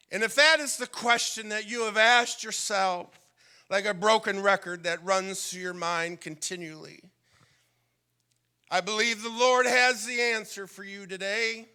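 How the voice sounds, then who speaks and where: Bright, high-voiced preaching man. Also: smooth. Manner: builds from quiet teaching to fervent preaching; drops to a whisper when quoting a prayer. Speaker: pastor. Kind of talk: sermon.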